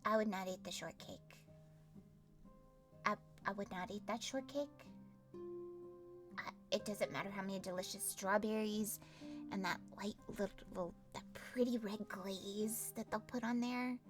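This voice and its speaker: A woman streaming a visual novel, reading it aloud and reacting with animated, theatrical comments. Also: medium pitch, a little slow, music in the background.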